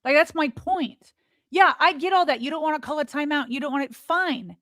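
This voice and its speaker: A woman's voice: sits high, fairly quick, a bit bright, dry recording, studio quality. A woman co-hosting a sports podcast, arguing emphatically and firing off rhetorical questions in exasperation. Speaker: podcast co-host. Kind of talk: heated sports podcast argument.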